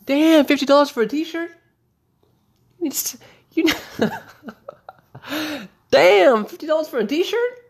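Guy doing a hyped-up security guard, high squeaky exclamations, slang everywhere. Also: wildly swooping pitch, a little slow, pauses often, a bit bright, breathy edge, exaggerated voice. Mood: delighted. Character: excited male concert security guard, chatty and dramatic.

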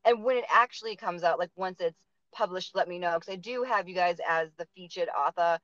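A woman's voice: on the low side, brisk, a bit bright, no room sound, lo-fi sound. A woman with a Boston accent hosting a casual interview, talking chattily with lots of fillers. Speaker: podcast host.

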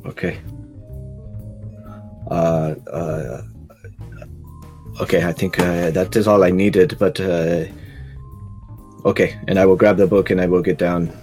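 A man playing a tabletop game, talking in a hesitant, halting way with many fillers. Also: low voice, fairly even intonation, a little mellow, faint music behind. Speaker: player.

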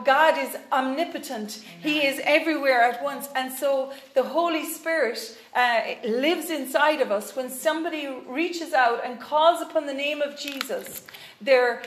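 A woman's voice: high-pitched, echoey room. A woman preaching a sermon in an earnest way, with frequent fillers and restarts.

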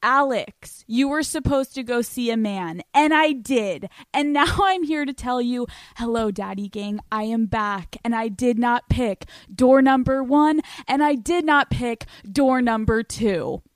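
A woman's voice: a little high, a little slow, few pauses, no echo. A woman in her twenties hosting a solo podcast, brash and profane, laughing often and slipping into put-on voices. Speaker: podcast host.

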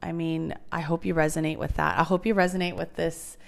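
A woman's voice: low-pitched, flat delivery, brisk, gravelly. A woman hosting a casual chat, enthusiastic and swearing freely. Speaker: podcast host.

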